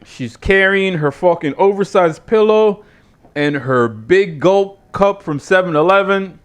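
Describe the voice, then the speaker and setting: A man's voice: high-pitched, lively intonation, a little slow, clean tone. Sardonic, foul-mouthed man ranting. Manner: swears freely, rambling and sardonic. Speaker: show host reviewing wrestling. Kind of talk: casual profane rant.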